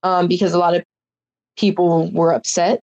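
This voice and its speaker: A woman's voice: fairly low pitch, flat delivery, normal speed, darkish tone, lo-fi sound. Young woman telling an emotional story. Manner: emotional, rambling, filler-heavy storytelling. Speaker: reality show contestant, guest. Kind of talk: casual interview chat.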